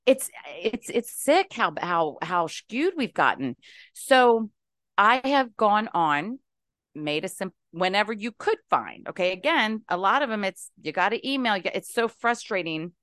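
A woman's voice: mid-range voice, big pitch swings, unhurried, fairly bright tone, dry recording, studio quality. A middle-aged woman from West Virginia calling into a talk show, venting animatedly and with exasperation. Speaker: caller. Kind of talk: casual talk-show call-in.

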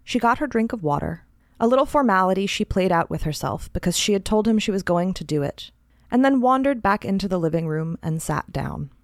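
A woman's voice: medium pitch, expressive, dry recording. Woman narrating a short story, dry. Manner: measured, deliberate reading. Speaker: podcast host reading a story.

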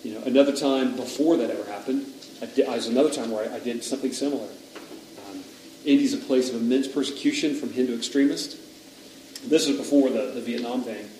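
A man's voice: medium pitch, fast talker, warm tone, slight background noise. A male pastor preaching a sermon, telling stories and quoting others with rising intensity. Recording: echoey hall, voice from a distance, faint ambience.

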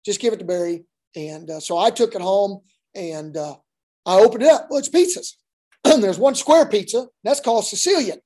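Folksy coach, mellow voice. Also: male voice, sits high, animated, normal speed. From Oklahoma. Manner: folksy, rambling, frequent restarts and "uh". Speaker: basketball coach. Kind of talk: casual interview storytelling.

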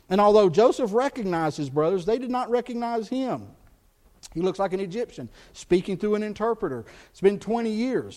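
A male pastor preaching a sermon, asking the congregation questions as he retells a Bible story. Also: high voice. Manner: animated, talks to the congregation with questions.

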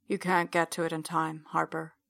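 Female narrator doing a big older male captor, brooding and confiding, low and quiet, bright tone, little pitch movement, dry sound. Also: flat delivery, moderate pace, creaky, no echo.

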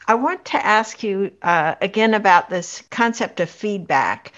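A woman hosting an interview and asking measured, reflective questions. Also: mid-range voice, lively intonation, a bit bright. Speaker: host. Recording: dull lo-fi recording.

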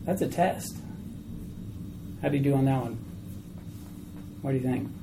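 A woman teaching a small Bible study group in a chatty, animated way, asking questions of the class. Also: very deep voice, normal speed, gravelly, background noise.

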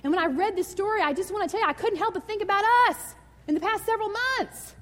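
A woman pastor preaching a sermon in a lively, conversational and emotional way. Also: very high-pitched, fast, in a large hall.

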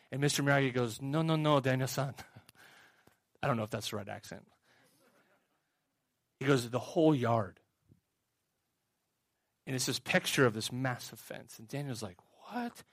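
A man's voice: on the high side, a bit bright, dry recording. A man preaching a sermon, retelling a story in a storytelling way and putting questions to the audience. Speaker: pastor.

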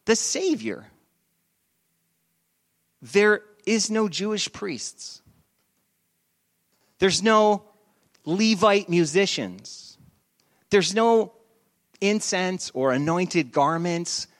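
A male pastor giving a sermon, telling a story in a lively, animated way with shifts in volume and pace. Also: high voice.

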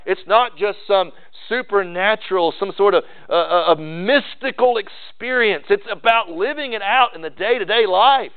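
A man's voice: sits high, moderate pace, few pauses, clean tone. A male pastor preaching an earnest sermon, often restarting and repeating words. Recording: tinny phone-like sermon recording.

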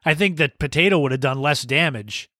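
Podcast host, male, raised pitch, laid-back anecdotal delivery with laughs, dead-dry sound. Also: a little fast, pushed and bright, no echo. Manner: laughs while telling anecdotes. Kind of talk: casual storytelling monologue.

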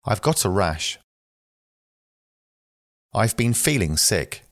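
A man reading short phrases aloud for language learners, slow and careful, one at a time. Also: lowish voice, very animated, no room sound, studio quality. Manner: slow, careful, evenly paced phrase delivery. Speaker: phrasebook reader.

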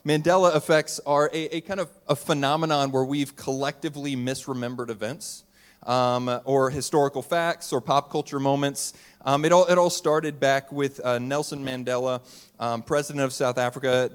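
A pastor with a mid-range voice gives a casual, conversational Christmas sermon to a live church audience, joking with the crowd.

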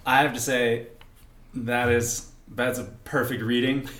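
A man's voice: medium pitch, little pitch movement, measured pace, a bit bright, slight background noise. Wry man in a roomy echo. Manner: teasing, wry, laughs at his partner. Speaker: podcast co-host. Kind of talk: casual chat.

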